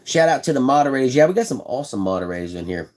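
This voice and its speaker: A man's voice: mid-range voice, sing-song, rapid-fire, darkish tone. A man hosting a live stream, casually showing how he builds fishing rods. He talks in a folksy, chatty way, repeats himself, and answers viewers in the chat. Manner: laid-back, folksy phrasing.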